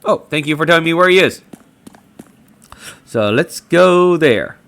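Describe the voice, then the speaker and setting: Lively bright-voiced man gaming. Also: a little high, a little slow, vocal fry. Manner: animated, reads game dialogue aloud. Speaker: let's play gamer. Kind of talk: casual gameplay commentary. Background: game music.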